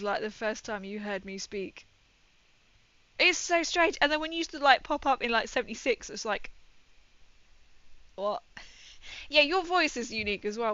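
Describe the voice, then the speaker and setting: A woman's voice: mid-range voice, pushed and bright. A young woman chatting casually on her livestream, giggling often and dropping her consonants. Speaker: streamer. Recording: muffled stream audio with faint music.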